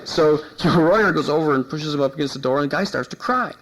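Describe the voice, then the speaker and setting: A man giving a university lecture, telling an anecdote in an animated way and acting out the people he quotes. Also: on the high side, quick pace, slight background noise, rough recording. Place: lecture hall.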